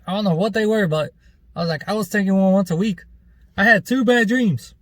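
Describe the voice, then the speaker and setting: A man's voice: high-pitched, fairly quick, no echo. A man vlogger telling a rambling, loose story in casual chat, with plenty of fillers and some swearing.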